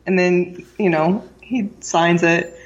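A woman's voice: lowish voice, steady tone, takes it slowly, lo-fi sound. A woman co-hosting a casual podcast, talking chattily about a sitcom episode with many fillers. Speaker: podcast co-host.

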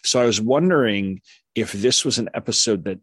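Low-voiced man rambling casually. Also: animated, moderate pace, slightly rough, dry recording. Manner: rambling, full of restarts and "like". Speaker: podcast co-host. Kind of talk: casual chat about a sitcom episode.

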